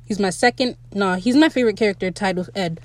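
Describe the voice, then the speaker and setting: A young woman hosting a casual solo podcast, chatty and excitable, and she slips into playful voices when she quotes characters. Her pitch sits in the middle range. The recording is close and dry, with no room echo. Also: fast. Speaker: podcast host.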